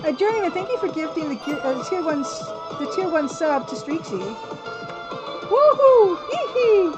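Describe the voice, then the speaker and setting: A woman's voice: sits high, a little fast. A woman hosting a casual live stream, chatting and rambling to her viewers and laughing often. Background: faint music from a record player.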